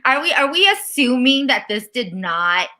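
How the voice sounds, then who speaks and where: A woman co-hosting a casual recap chat, ranting animatedly and mocking people with quick impressions. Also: high voice, big pitch swings, pushed and bright. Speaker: podcast co-host.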